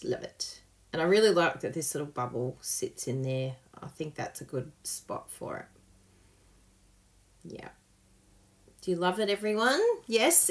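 Chatty, lively woman demonstrating a craft. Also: mid-range voice, a little hiss or hum. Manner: chatty, self-mocking, often laughing; gushing and excitable over the work. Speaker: papercraft tutorial host.

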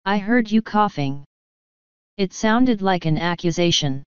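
A woman reading the part of a retired older male colonel, speaking in a measured, wry and quietly scornful way. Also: mid-range voice, expressive, smooth, dry recording, lightly acted. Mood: dry wry. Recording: dull lo-fi sound.

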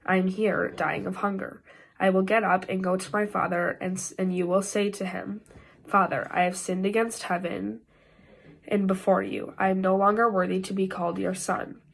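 A woman's voice: medium pitch, little pitch movement, moderate pace, gravelly, slightly rough. A woman reading a scripture passage aloud during a worship service, with the occasional stumble and restart, and a Midwestern American accent. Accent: Upper Midwest American. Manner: careful reading with frequent slips and restarts. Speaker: scripture reader.

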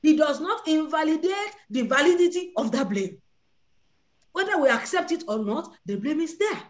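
A woman leading a prayer line preaches a sermon, acting out the voices of Bible figures. Her high voice is expressive and moves at a normal speed.

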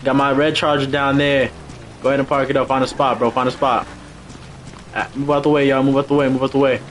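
Young male streamer, casual and excitable, mid-pitched, repeats his commands, faint background hiss. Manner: excitable, repeats short commands, quick laughs. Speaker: livestream host running a car meet. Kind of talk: casual live game commentary.

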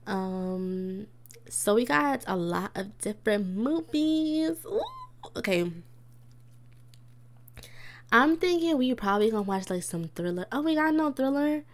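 Speaking a little slowly and pausing often, this gaming YouTuber has a slightly high voice with lively intonation. She's a young woman playing a life-sim, giggling frequently and reacting aloud to her characters in casual let's-play talk.

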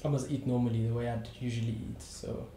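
A man's voice: mid-range voice, steady tone, fast. A young man chatting casually to camera, joking and self-deprecating. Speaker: vlogger. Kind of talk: casual vlog chat. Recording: roomy room with background music. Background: soft guitar music.

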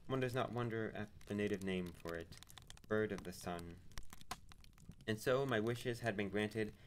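A man reading a novel aloud on a live stream, unhurried, with small slips and restarts. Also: fairly low pitch, a little hiss or hum, poor audio. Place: home streaming setup.

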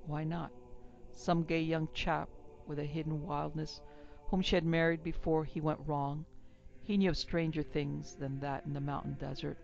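A woman narrating a classic western story in a measured, even reading. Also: low-pitched, creaky, highs cut off, soft background music. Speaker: narrator and producer.

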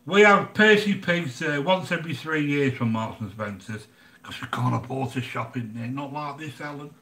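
A man's voice: medium pitch, moderate pace, fairly bright tone, roomy sound. An older English man hosting a live cooking channel, chatting casually and bluntly with viewers, grumbling and joking as he goes. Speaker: livestream cooking channel host.

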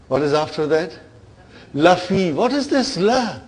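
Grammar teacher, male, emphatic, fairly high voice, keeps checking that the class follows. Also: big pitch swings, unhurried, husky. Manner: checks in with listeners often, emphatic. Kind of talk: classroom lecture.

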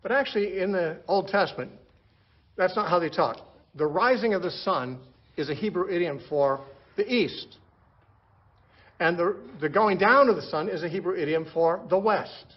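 Slightly high-voiced male Bible teacher, lo-fi. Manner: explains slowly, repeats words as he restarts. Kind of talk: verse-by-verse Bible lecture. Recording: dull lo-fi recording.

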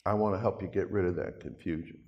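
A man's voice: sits low, steady tone, quick pace, dull audio. An older man preaching a sermon to a congregation in a chatty, folksy way, with asides to the listeners. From Canada. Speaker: pastor. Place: church hall. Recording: long reverb of a hall.

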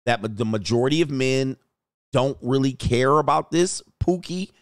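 A man hosting a dating commentary show, telling a story bluntly and jumping up in pitch when he quotes himself. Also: moderate pace, clear, resonant tone, no echo, studio quality. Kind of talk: casual commentary reacting to clips.

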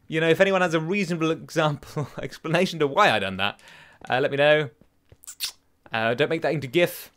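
A young man, chatty and excitable, hosting a casual game let's play and joking at his own expense. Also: a little high, a little fast. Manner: chatty, excitable, self-mocking, sings silly chants. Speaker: gaming channel host.

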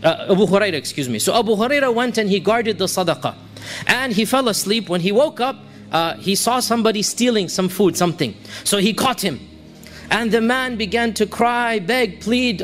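A man's voice: sits high, animated, a little fast, a bit bright. A man giving a religious lecture in a storytelling manner, quoting the people in his tale and reciting passages in Arabic. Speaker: Islamic preacher.

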